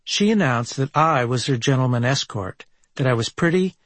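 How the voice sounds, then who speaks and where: Brief: a male memoir reader from Minneapolis, wry and deadpan, mid-pitched, dry close recording. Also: normal speed, dry recording. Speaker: memoir narrator. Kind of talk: reading a personal travel memoir.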